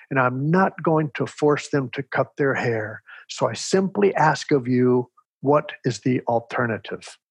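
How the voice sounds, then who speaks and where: A man voicing a dignified lawyer father who speaks slowly and formally, like an orator, with a husky tone. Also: mid-range voice, a bit bright, no room sound. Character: dignified lawyer father addressing a school board.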